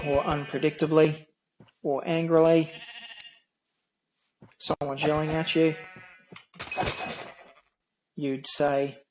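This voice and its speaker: A man's voice: on the high side, completely flat delivery, slow, long pauses, darkish tone, highs cut off. Nasal droning Australian man. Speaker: streamer. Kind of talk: casual gameplay commentary.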